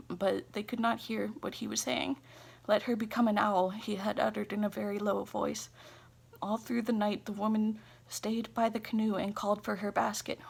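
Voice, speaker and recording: A woman reads a folktale aloud in a husky, gravelly voice that sits a little high. Her delivery stays level and even, and she pauses now and then to correct small slips. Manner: unhurried reading with small restarts and self-corrections. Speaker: storyteller.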